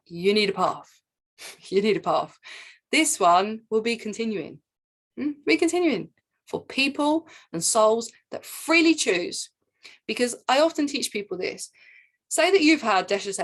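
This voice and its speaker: Mid-pitched young woman, spiritual teacher, animated monologue, repeats phrases, slips into acted voices. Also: normal speed. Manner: animated, repetitive, acts out quoted voices. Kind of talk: masterclass monologue.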